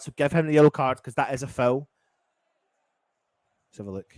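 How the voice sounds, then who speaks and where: A man giving partisan live football commentary as a fan, swearing and swinging from low muttering to loud shouts. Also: a little fast, no echo.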